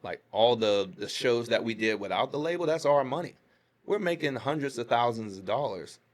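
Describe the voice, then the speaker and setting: A man from Pittsburgh, a podcast guest, telling a story in casual chat and acting out the quotes with his voice jumping up high. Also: normal speed. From Pittsburgh, USA. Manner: animated retelling, acts out quotes with rising pitch.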